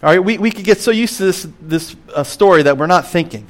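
A middle-aged pastor preaching a sermon in a slightly high voice. He moves between emphatic, lifted phrases and quiet, lowered ones. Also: a little fast. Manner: expressive, swings between emphatic and hushed.

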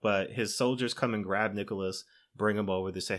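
A man's voice: on the low side, steady tone, a little fast, hardly any pauses, a little hiss or hum. A man co-hosting a podcast, casually retelling a film's plot in a loose, conversational way and often breaking into laughter. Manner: laughs often while retelling, acts out quoted lines in his own voice; conversational, loose fillers like "you know" and "like". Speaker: podcast co-host. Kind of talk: casual movie recap.

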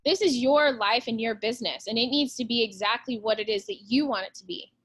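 A woman's voice: fairly high pitch, fairly bright tone, slightly rough. A woman, a real estate agent talking bluntly and with plenty of swearing in a casual podcast interview. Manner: blunt and profane, fast-flowing pep talk.

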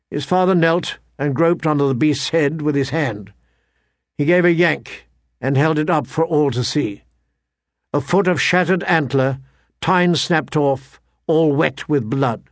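Male audiobook narrator: measured, expressive, slightly high, dry studio sound. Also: no echo. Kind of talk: scripted fantasy narration.

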